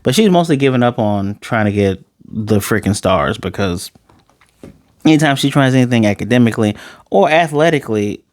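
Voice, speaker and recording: A man casually reviewing an anime episode, joking asides and quickly paraphrasing the characters' lines. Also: mid-range voice, animated, no echo. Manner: chatty, joking asides, paraphrases scenes in quick quoted voices. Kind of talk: casual spoken episode recap.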